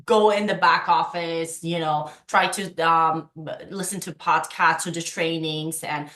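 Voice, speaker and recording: A woman's voice: sits low, steady tone, unhurried, fairly bright tone, roomy sound. A woman leading a sales training on a video call, coaching energetically and acting out past conversations.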